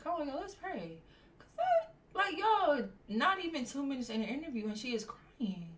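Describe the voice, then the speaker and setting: A woman's voice: sits high, very animated, moderate pace, far from the mic. A young woman reacting to a video, with dramatic, theatrical commentary and mock crying. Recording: echoey room, away from mic, faint noise.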